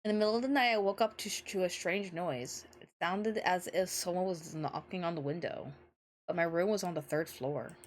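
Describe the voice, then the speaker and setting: A woman voicing a small, frightened young boy who narrates his own story in an earnest, soft way. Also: fairly low pitch, moderate pace, lightly acted.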